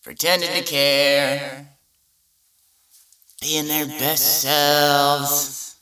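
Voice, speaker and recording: A woman's voice: deep voice, little pitch movement, drawn-out words, bright, forceful tone. A woman in her twenties doing a profane, sarcastic solo comedy podcast rant.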